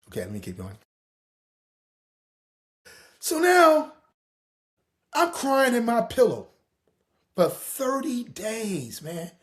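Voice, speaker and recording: Animated, profane male storyteller. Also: very high-pitched, slow, pauses often. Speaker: podcast host. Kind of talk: casual storytelling monologue.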